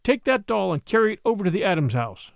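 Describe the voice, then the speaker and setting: A man's voice: sits high, very animated, fast, gravelly, no echo, exaggerated voice. A man voicing a strict mother handing out a punishment in a commanding tone. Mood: stern. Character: stern strict colonial mother.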